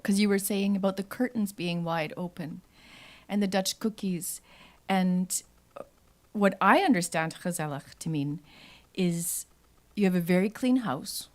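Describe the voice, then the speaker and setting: A woman's voice: fairly low pitch, fairly even intonation, a little slow, a little mellow. A woman at a live open mic, telling a rambling personal story off the cuff and acting out family talk. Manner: rambling, laughs often, acts out family talk. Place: live venue.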